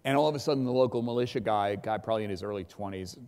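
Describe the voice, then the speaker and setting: A middle-aged man giving a keynote speech, an animated storyteller who acts out shouting. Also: fairly low pitch, very fast, clear, resonant tone. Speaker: keynote speaker. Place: large event hall. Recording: long hall reverb.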